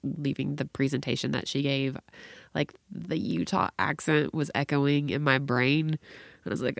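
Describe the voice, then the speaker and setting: A middle-aged woman telling a story in casual chat, bringing the people in it to life. Her voice sits low and sounds dry and close, with no room around it. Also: moderate pace, gravelly, no room sound. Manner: animated storyteller, acts out quoted voices.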